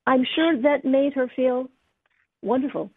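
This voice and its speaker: A woman tarot teacher giving gentle, encouraging readings on a call-in show, with frequent fillers. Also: sits high, a little slow. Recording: dry, tinny phone-like sound.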